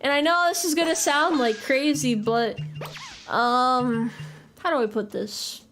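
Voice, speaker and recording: A woman's voice: high-pitched, steady tone, measured pace, fairly bright tone, faint music behind. A woman game streamer in casual chat with her viewers, rambling and swearing casually as she answers their messages.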